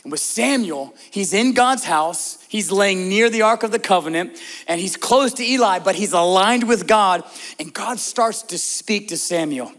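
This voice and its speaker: High-voiced man preaching a lively sermon. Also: a little slow. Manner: conversational, asks the congregation direct questions; emphatic, shifts between loud stresses and soft, hushed prayer lines. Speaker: pastor.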